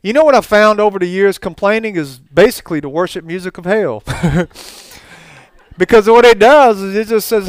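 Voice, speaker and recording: A man preaching in a folksy, storytelling way, with quick asides and chuckles. His voice sits high for a man and sounds smooth and clear. The sound is dry and close. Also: no room sound. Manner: folksy, animated testimony with asides and laughter. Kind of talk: storytelling sermon.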